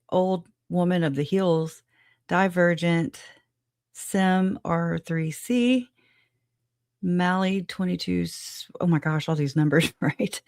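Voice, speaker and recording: A chatty woman runs a casual livestream, greeting her viewers one by one. She speaks slowly and frankly, with frequent laughs and a note of exasperation. The sound is dry, with no room echo. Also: lowish voice, a little mellow. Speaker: livestream host.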